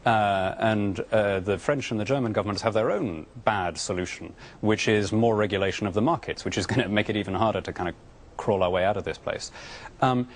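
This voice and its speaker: A man's voice: fairly low pitch, fairly quick. A British man as a politician guest on a TV interview, arguing his views earnestly and often stammering through restarts. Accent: British English. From Britain. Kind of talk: remote TV interview answers.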